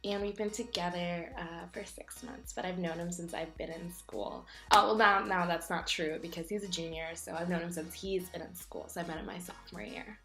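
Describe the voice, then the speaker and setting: A young woman vlogger telling funny stories in a casual, animated way, acting out voices from them. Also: fairly low pitch, normal speed, hardly any pauses, echoey room, faint music behind. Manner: animated, jokey, acts out voices in her stories. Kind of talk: casual storytelling vlog.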